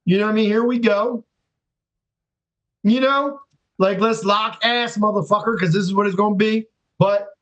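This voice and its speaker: Podcast guest: high-pitched man, animated storyteller who acts out the people he quotes. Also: rough recording. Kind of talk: casual storytelling.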